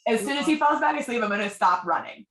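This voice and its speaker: A playful woman player at a tabletop game, her voice sitting fairly high. She jumps in fast, repeats herself and restarts sentences. The tone is loose and joking. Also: lively intonation, a bit bright, roomy sound, a little hiss or hum. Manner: playful, quick, stumbling restarts. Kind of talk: tabletop role-play chat.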